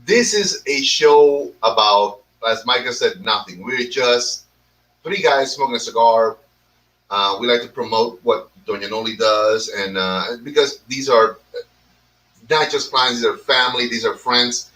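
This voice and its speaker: A man's voice: medium pitch, unhurried, sharp tone, distant mic, low-quality recording. A man hosting a casual cigar talk show with his friends, rambling and teasing with plenty of swearing. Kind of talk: casual chat.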